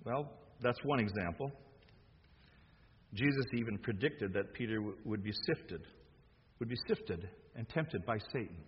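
A man's voice: fairly low pitch, animated, unhurried, husky. A man preaching a sermon, emphatic, acting out quoted lines with rising force. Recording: dull sound with long hall reverb.

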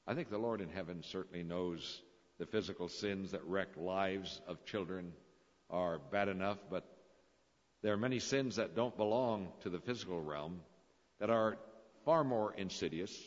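A man's voice: low-pitched, moderate pace. A man preaching a sermon, telling stories with dramatic, swelling emphasis. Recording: dull lo-fi recording in a reverberant hall.

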